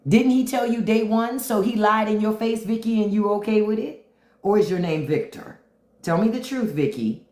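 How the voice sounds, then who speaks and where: A woman's voice: medium pitch, normal speed, a little mellow. Brief: woman host on a livestream, blunt and taunting, AAVE speech, roomy echo on the mic. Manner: blunt, taunting, repeats her question to commenters. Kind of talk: unfiltered livestream commentary.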